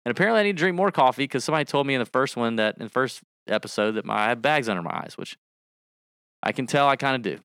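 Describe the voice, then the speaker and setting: A man chatting casually as a podcast co-host, his voice bright and crisp. He gets animated and slips into rap impressions. The sound is dry and close, with no room around it. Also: medium pitch, racing, no echo. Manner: animated, breaks into rapping and song impressions. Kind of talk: casual podcast chat with ad read.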